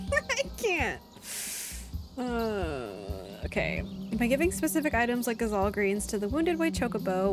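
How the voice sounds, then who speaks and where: A woman streaming a video game live in casual, chatty commentary, animated and quick to laugh. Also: on the high side. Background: game music.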